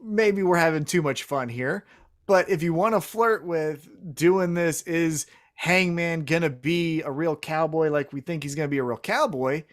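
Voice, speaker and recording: A man co-hosting a wrestling podcast in casual chat, animated, with quick asides and some swearing. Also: a little high. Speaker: co-host.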